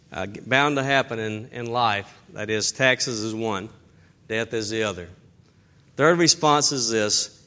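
A man preaching a sermon as a pastor, with impassioned delivery that swells loud and then drops low, outdoors in the wind.

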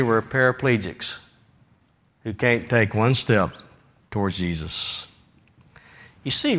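A man preaches a sermon as a pastor, emphatic and repetitive, swinging between raised high emphasis and low, quiet phrases.

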